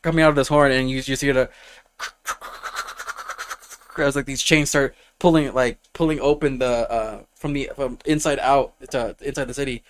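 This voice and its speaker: A man's voice: mid-range voice, fairly even intonation, normal speed, smooth. A man narrating a tabletop fantasy game as game master, rambling with lots of fillers. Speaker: dungeon master.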